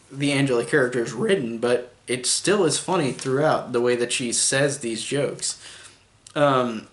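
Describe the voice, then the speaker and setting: A man giving a casual spoken movie review, rambling with lots of "like" and restarts, chuckling now and then. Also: mid-range voice. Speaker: film reviewer. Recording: echoey room.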